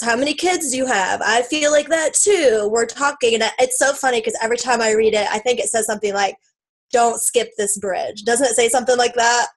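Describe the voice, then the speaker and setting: Tearful chatty woman, fairly high voice. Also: low-quality recording. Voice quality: chatty, lots of fillers and quoted self-talk. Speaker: team member sharing her story. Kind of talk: emotional casual testimony.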